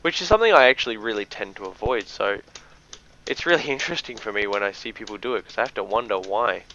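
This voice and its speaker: A man's voice: fairly low pitch, lively intonation, quick pace. An Australian man doing chatty, jokey live-stream commentary on a game match. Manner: chatty, jokey, gives shoutouts. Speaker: esports commentator. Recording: dull lo-fi stream audio, faint noise.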